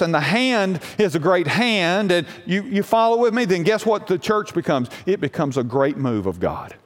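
A pastor from the United States, a man with a voice that sits high, preaches a sermon built around a personal story, delivered with lively energy. He frequently poses questions to the congregation, and the sound has a big-room quality.

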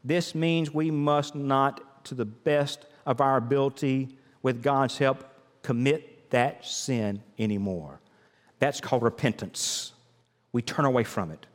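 A man's voice: medium pitch, unhurried. An older male pastor preaching a sermon, building rhythmic emphasis through repeated phrases. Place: church sanctuary. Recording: long hall reverb.

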